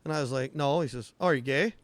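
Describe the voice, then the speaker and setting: A man's voice: medium pitch, quick pace, no room sound. A man co-hosting a casual podcast, telling rambling shop anecdotes and acting out the quotes. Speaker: podcast co-host, auto technician. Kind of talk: casual storytelling chat.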